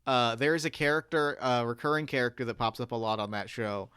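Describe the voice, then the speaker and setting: A man chatting as a guest on a podcast, animated and rambling with frequent restarts. His voice is smooth and clear, recorded dry and close in a studio. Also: medium pitch, fairly quick, no room sound. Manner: animated, lots of filler words and restarts. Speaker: guest author. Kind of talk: casual podcast chat.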